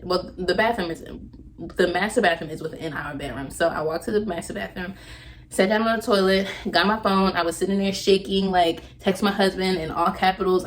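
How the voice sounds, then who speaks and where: A young woman recounts a personal story to her viewers, her voice on the lower side. She rambles and stops to correct herself, with plenty of ums along the way. A faint noise sits under the recording. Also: steady tone, a little fast. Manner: rambling, self-correcting, many fillers. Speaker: vlogger.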